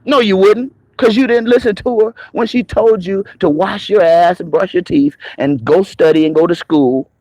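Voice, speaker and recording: Raspy, slightly high-pitched man; streamer ranting with a combative, mocking, foul-mouthed edge. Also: moderate pace, few pauses, darkish tone, no echo, rough recording. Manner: confrontational, profane, mocking. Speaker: online commentator. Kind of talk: live-streamed rant. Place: moving around on the go, patchy signal.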